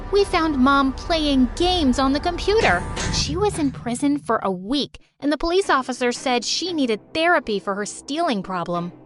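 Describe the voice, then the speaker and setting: A woman narrating a first-person animated story in a dramatic, expressive way. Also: high voice.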